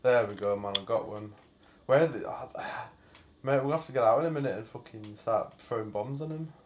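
Guy moaning and swearing at a video game, mid pitch, bit of hiss in the background. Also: normal speed. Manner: sweary, exasperated banter. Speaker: gaming channel host. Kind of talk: casual gameplay chat.

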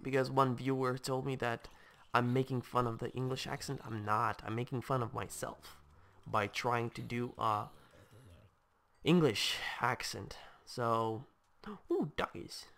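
A man giving casual let's-play commentary, reacting aloud to the game in a chatty, excitable way while attempting a put-on English accent. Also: medium pitch, a little slow, gravelly. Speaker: gameplay commentator.

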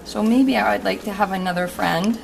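A woman giving voice to a shy, scared but sweet male house cat, speaking softly and pleadingly. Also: medium pitch, a little fast, vocal fry. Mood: reassuring. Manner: soft, pleading, reassuring. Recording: noisy room recording.

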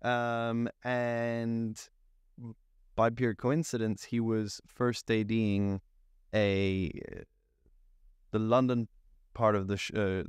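A young man from France, telling a lively story as a podcast guest, with many fillers and restarts. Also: on the low side, smooth, no room sound, clean studio sound. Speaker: guest, cinematographer. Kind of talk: casual storytelling interview.

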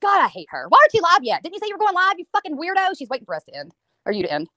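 Woman ranting super fast, swinging her pitch all over, cussing, dry mic. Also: huge pitch swings, bright, forceful tone, dry recording. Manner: profane, mocking, fast ranting; mimics others in a high sing-song voice. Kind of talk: heated livestream rant.

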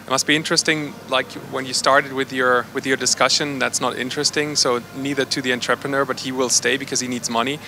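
A man with a gravelly, bright and forceful voice gives a casual group report. He talks hesitantly, with plenty of fillers and restarts, at a middling pitch. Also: flat delivery, fast talker, few pauses, slight background noise. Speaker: workshop participant reporting back.

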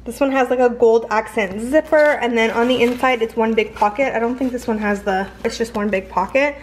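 A young woman from Canada chats excitedly through a fashion haul, her pitch sitting a little high. She gushes and strings her thoughts together with plenty of fillers, like talking to friends through a camera. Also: fairly quick, a little hiss or hum. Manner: gushing, chatty, lots of fillers. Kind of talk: casual haul vlog chat.

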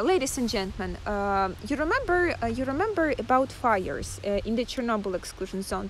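Woman doing a live tour stream outside, chatty, lots of uhs, high bouncy voice. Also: slight background noise. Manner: chatty, hesitant with many fillers. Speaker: tour guide. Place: outdoors in a town.

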